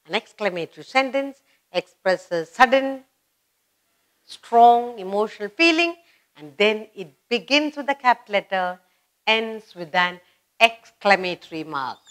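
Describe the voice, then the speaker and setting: A woman's voice: medium pitch, lively intonation, measured pace, a bit bright. A woman teaching a grammar lesson to children, speaking patiently and repeating each example sentence.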